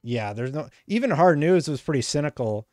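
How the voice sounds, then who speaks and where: A man's voice: on the high side, expressive, brisk, a little mellow, no room sound, clean studio sound. A middle-aged man hosting a podcast in casual, earnest chat, often trailing into fillers. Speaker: podcast host.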